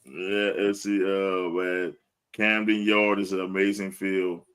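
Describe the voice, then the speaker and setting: A man's voice: deep voice, flat delivery, takes it slowly, fairly bright tone, smooth. A man co-hosting a casual sports podcast, talking bluntly with lots of profanity and laughing often between lines. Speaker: podcast co-host. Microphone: live stream podcast mic.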